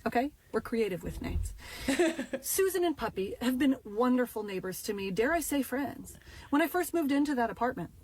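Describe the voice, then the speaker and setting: A young woman tells a comedic story in a casual, animated way, with punchy dramatic asides. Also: a little high, normal speed. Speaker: storyteller in a social media video.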